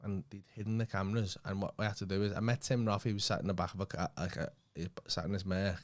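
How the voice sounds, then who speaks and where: A man's voice: low voice, fast. Scouse man telling a story. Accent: Liverpool. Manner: animated, swears freely, acts out other people's lines. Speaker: comedian and podcast co-host. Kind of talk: casual anecdote telling.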